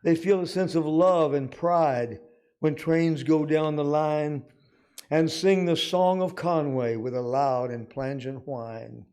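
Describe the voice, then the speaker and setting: An older man from Arkansas, a retired physician, reading his own rhymed poem aloud at a city council meeting in a measured, deliberate way. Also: on the high side, fairly even intonation, a little mellow, smooth. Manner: measured, deliberate recital with dry humor. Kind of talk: slow rhymed poetry reading.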